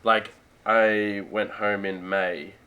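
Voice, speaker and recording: A young Australian man with a very low voice talks in a relaxed, rambling way, full of fillers and restarts. His tone is bright and forceful despite the depth. He speaks as a guest in a casual interview chat. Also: slow pace, smooth, muffled recording. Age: young adult. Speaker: guest, college football player.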